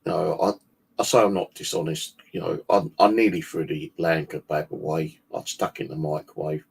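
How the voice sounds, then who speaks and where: A low, husky-voiced man talking loosely to his livestream audience. He rambles from one thing to the next and swears freely. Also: little pitch movement, moderate pace. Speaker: paranormal channel host. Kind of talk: casual livestream chat.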